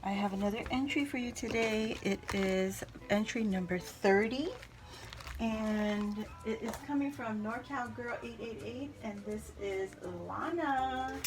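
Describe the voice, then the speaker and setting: A middle-aged woman hosting a casual crafting vlog, opening mail at home and gushing over each item, repeating her words when excited. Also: medium pitch. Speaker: crafting channel host.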